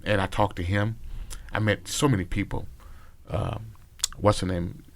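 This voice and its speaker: A man's voice: sits low, fairly even intonation, unhurried, gravelly. A man, a former bodyguard and podcast guest, telling loose, profane stories full of quoted dialogue. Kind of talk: casual storytelling. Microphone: podcast mic.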